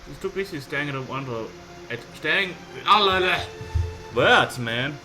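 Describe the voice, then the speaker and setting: Playful let's-player, mid-pitched man, game music under the voice. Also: expressive, moderate pace, low-quality recording. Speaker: gameplay commentator. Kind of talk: let's play commentary.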